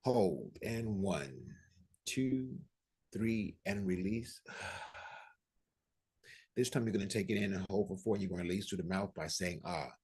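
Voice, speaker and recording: A man with a very low, deep voice speaks as a spiritual teacher over a video call. His tone is husky, and he leads prayers and breathing exercises with calm, unhurried, gently instructive delivery.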